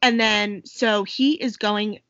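A young woman co-hosting a podcast, chattily recapping a movie with quick acted-out quotes. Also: medium pitch, fairly even intonation, a bit bright, dry recording, muffled recording. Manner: chatty, quick quoted voices, laughs often. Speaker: podcast co-host. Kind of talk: casual chat recapping a movie.

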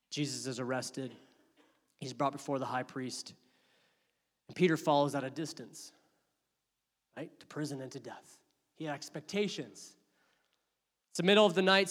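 A man delivers a sermon in a fairly high voice. He tells the story dramatically, rising to loud outbursts and dropping to hushed asides. His voice rings with long reverb, as in a large hall. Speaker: pastor.

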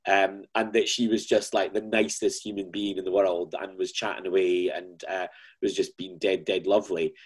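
A man's voice: deep voice, flat delivery, normal speed, breathy edge. A male interviewer in a casual chat, asking playful, teasing questions.

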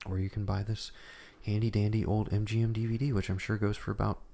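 A man's voice: lowish voice, level tone, fast, creaky, dark tone. A man co-hosting a podcast from his apartment late at night, rambling loosely and laughing often. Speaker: podcast co-host. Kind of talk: casual late-night chat. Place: home apartment.

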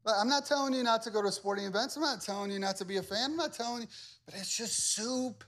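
A male pastor giving a conversational sermon, animated and repetitive, swinging between loud emphasis and hushed asides. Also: high voice, fast talker.

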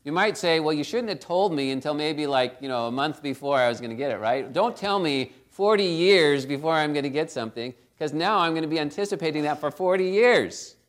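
A man's voice: on the high side, lively intonation, fairly quick, hardly any pauses. A middle-aged man preaching a conversational sermon, often checking in with "right?" and acting out the quotes he tells. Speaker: pastor.

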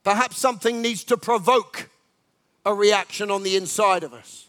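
Male preacher with a high voice, emphatic and repetitive, swinging from quiet asides to loud calls to action. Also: moderate pace. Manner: emphatic, repetitive exhortation with sudden loud rallying cries. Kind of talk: sermon.

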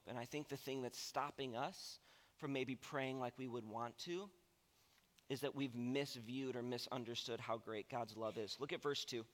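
A man in his thirties, a pastor, preaching a sermon and telling stories with lively acted-out voices. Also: sits high, long reverb tail. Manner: animated storytelling, acts out voices.

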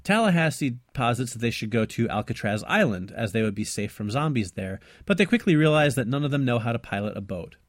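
A man's voice: medium pitch, big pitch swings, brisk, hardly any pauses, no echo. A man in the middle of his range talks with fluent enthusiasm, walking through a film's plot for a casual podcast. The sound is dry and close to the mic. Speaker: podcast co-host. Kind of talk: casual movie podcast chat and recap.

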